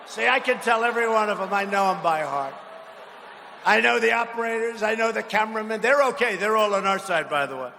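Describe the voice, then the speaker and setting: A man giving a rally speech in a large arena, mocking and repeating himself and shouting lines to the crowd. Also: high voice, animated, brisk, gravelly. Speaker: political speaker at a rally. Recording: long arena reverb, faint noise.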